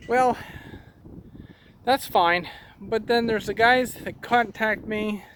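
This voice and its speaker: A man, a cattle farmer, talking casually to camera outdoors on his farm, plain-spoken and rambling, a bit out of breath. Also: sits high. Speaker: cattle farmer and channel host. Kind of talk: casual vlog talk to camera. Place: outdoors on a farm in high wind. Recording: outdoor recording with clear wind noise.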